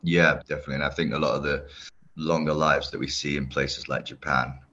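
On this podcast interview, the guest is a UK man who runs a longevity company, and he describes what he does with real enthusiasm. He has a bass voice that's bright and forceful, though his delivery stays flat and moves a little fast. Audio quality is dull and lo-fi.

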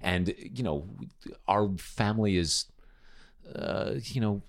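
Middle-aged male podcast host, very low voice, reflective, halting delivery. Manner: thoughtful, hesitant, many restarts. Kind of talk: casual conversation.

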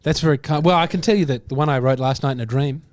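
A man's voice: fairly high pitch, fast, no room sound. An Australian man with an Australian accent hosting a podcast, chatting casually and asking curious, teasing questions. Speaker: podcast host.

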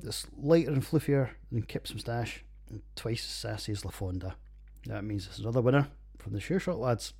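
A Scottish man rambles through his own podcast with a husky, breathy edge to his mid-pitched voice. He's loose and jokey, swears freely and trails off into fillers. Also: moderate pace, darkish tone. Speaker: podcast host reviewing beers. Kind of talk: casual solo podcast chat.

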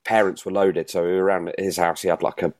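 A middle-aged man telling rambling, casually sweary anecdotes in a relaxed chat. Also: sits low, fast. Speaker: podcast guest.

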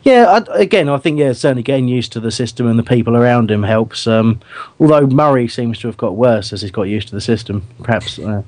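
A man's voice: mid-range voice, animated, a little fast, darkish tone. A man hosting a casual fan podcast, talking in a rambling, hesitant way with many restarts. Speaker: podcast host.

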